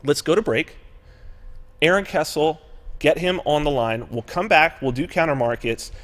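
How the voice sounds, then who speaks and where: A man's voice: on the high side, normal speed. A man hosting a live talk show, chatting casually, swearing freely and acting out other people in exaggerated voices. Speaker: show host.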